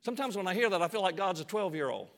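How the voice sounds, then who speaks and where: A man's voice: sits high, animated, very fast. A man preaching a sermon in a church. He acts out scripture scenes in quoted voices and repeats words to build emphasis. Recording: long hall reverb.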